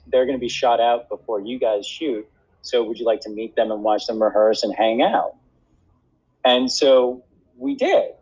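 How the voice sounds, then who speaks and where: A man chatting in an interview, halting and full of restarts, often breaking into laughter. His voice sits in a middle register. The recording sounds dull and lo-fi. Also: mid-range voice, a little mellow. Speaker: actor and acting teacher. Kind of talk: casual interview chat.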